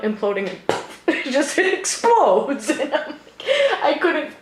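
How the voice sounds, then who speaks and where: A woman's voice: on the high side, animated, moderate pace. A woman in her thirties co-hosting a casual podcast, chatty and laughing, with lots of swearing. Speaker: podcast co-host. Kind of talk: casual chat. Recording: echoey room with faint noise.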